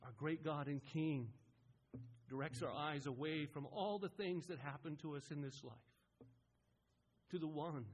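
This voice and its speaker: A male pastor delivers a sermon in a husky, slightly high voice. He pushes phrases up to loud, emphatic peaks and then lets them fall away into quiet, slow endings. His speech rises and falls steadily through the whole message. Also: lo-fi sound. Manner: rising and falling in emphasis, building to loud peaks.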